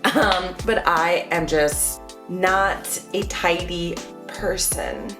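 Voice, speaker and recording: A woman's voice: on the low side, drawn-out words, over music. Chatty American woman in echoey room. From United States. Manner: chatty, animated, with frequent fillers. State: out of breath. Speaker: vlogger. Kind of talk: casual Q and A vlog. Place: indoors at home, bedroom.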